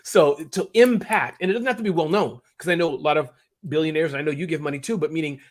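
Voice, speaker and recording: A man chats as an interview guest. He rambles and gets emotional as he goes, and his voice stays animated throughout. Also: on the high side, quick pace. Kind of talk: casual interview chat.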